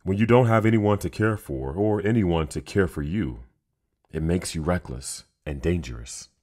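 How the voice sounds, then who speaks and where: A man's voice: sits low, normal speed, darkish tone. Raksha, a man voicing a wise mother wolf. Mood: calm firm. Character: proud female wolf mother, calm and wise.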